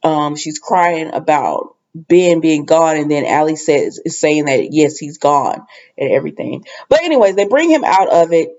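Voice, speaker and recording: A woman's voice: sits low, expressive, normal speed, darkish tone, lo-fi sound. A woman casually recapping a soap opera episode, rambling with lots of fillers and asides.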